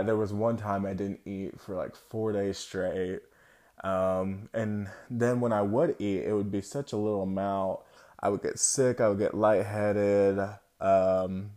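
A young man from the United States telling a personal story to his viewers, candid and reflective, with halting, broken-off phrasing. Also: fairly low pitch, a little mellow. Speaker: vlogger.

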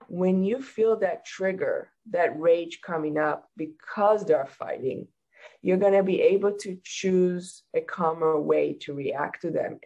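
A woman appears as a hypnotherapist guest in a casual interview, calmly explaining things and offering practical advice. Her voice is lowish and gravelly, and the recording is rough.

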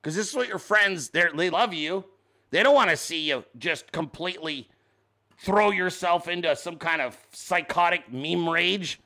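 Bright-voiced, crude-talking male host. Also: high-pitched, a little slow. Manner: crude, profane, joking. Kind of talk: live political commentary stream.

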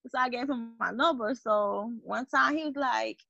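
A woman telling dating stories in a casual chat with friends, animated and laughing often. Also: on the high side, fairly quick, creaky, few pauses, no room sound, lo-fi sound.

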